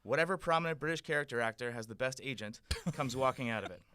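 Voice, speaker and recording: Comedy writer reading stage directions, bright voice, dry delivery. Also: male voice, medium pitch, fast, no room sound. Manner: dry narration, chuckling often. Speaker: comedy podcast guest writer. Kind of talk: reading a comedy script aloud.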